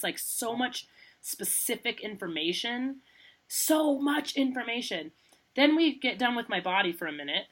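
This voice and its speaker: A woman co-hosting a podcast, telling a personal story in a chatty, animated way, laughing often and saying "like" a lot. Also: mid-range voice, moderate pace. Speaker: podcast co-host. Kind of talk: casual storytelling chat.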